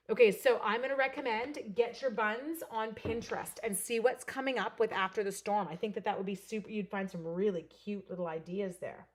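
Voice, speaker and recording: A woman from Canada running a live card-making demo, chatting with viewers by name, her voice a little hoarse. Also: mid-range voice, darkish tone. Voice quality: slightly hoarse voice. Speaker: stamping and card-making demonstrator. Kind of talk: live crafting demo with chat replies.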